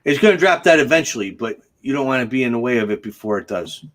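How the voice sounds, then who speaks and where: A man's voice: medium pitch, expressive, quick pace, a bit bright. A man hosting a casual livestream chat, joking and chatty and laughing often. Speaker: host.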